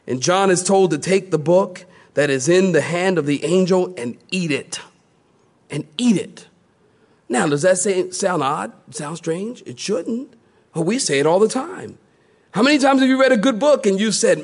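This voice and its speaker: Here a man preaches from the pulpit, animatedly recounting stories. He impersonates the figures in them, leaping sharply up and down in pitch as he voices them.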